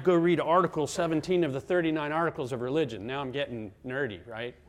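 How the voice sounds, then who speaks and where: A middle-aged man preaches a sermon in a slightly raised register. He drives his points dramatically, leaning into loud emphasis and then sinking to near-whispers. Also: fairly high pitch. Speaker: pastor.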